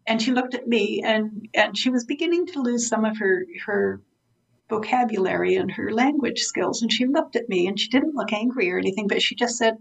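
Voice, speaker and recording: A woman's voice: on the high side, moderate pace, rough recording. A woman guest in an interview, a vivid storyteller who acts out the dialogue as she explains dementia care.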